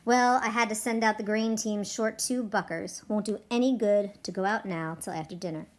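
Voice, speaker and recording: A woman putting on a gruff suspicious ranch boss. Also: medium pitch, fairly even intonation, normal speed, lightly acted. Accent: rough rural American drawl, put on. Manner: blunt, clipped, drawling ranch-hand talk.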